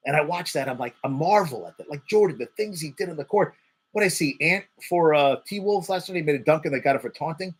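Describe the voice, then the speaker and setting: Middle-aged male sports host, husky, lively pitch, excitable and profane monologue. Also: quick pace. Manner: excitable, swears, repeats words for emphasis. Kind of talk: casual sports commentary monologue.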